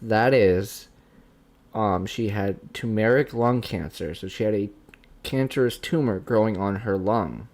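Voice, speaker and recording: A young man hosting his own livestream, speaking candidly and haltingly, with many restarts. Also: lowish voice, darkish tone. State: tearful, emotional. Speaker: channel host being interviewed. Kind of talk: casual livestream chat.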